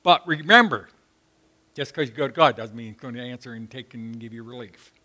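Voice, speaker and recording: A man preaching a sermon, impassioned and rising to shouts when he acts out prayers. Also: mid-range voice, brisk. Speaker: pastor.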